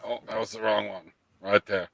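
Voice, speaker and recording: A man's voice: fairly low pitch, little pitch movement, normal speed, vocal fry, fairly bright tone, poor audio. A man hosting a casual live stream, teasing his co-host, swearing and reading chat messages aloud. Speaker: livestream host.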